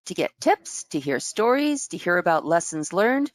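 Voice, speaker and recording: A woman's voice: fairly low pitch, big pitch swings, normal speed, no room sound. A woman hosting a webinar, reading a guest's bio and welcoming her in an upbeat way over a video call. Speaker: webinar host. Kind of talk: webinar introduction.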